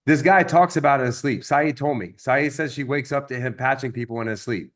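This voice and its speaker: A man giving an energetic motivational sales training talk, acting out stories with quoted voices. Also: mid-range voice, fairly quick.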